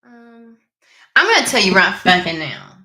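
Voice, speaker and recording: Casting: woman host, bright tense voice, irritated cursing chat at home. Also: on the low side, very animated, normal speed. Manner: profane, irritated, rambling. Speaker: tarot reader channel host. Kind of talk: casual chat to camera. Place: home room with desk and window. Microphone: camera mic.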